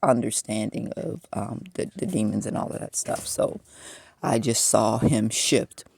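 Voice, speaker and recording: Gravelly, frustrated man in his fifties. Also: lowish voice, measured pace, a little mellow. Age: 50s. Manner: frustrated, venting, storytelling. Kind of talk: personal vlog monologue.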